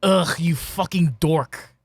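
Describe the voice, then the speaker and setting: Male co-host, higher-pitched, profane mock-angry ranter, dry close mic. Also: takes it slowly, no echo. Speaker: podcast co-host. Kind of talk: casual post-show chat.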